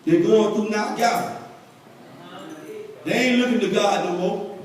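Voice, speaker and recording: A man preaching a sermon in a large church, talking to the congregation and rising into shouted, sung cadences. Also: sits high, unhurried. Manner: conversational, calls out to the congregation. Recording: echoey church hall from far off, crowd noise. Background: congregation responding.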